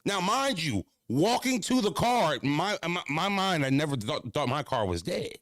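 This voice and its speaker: A somewhat high-pitched male stream host talks to his chat in a loose, storytelling way, cursing freely and jumping between excited highs and low, mocking lows. The sound is dry and close, with almost no room around his voice. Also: moderate pace, no echo. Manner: animated, profane, big swings between high excited and low mocking tones. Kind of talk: casual storytelling to a live chat.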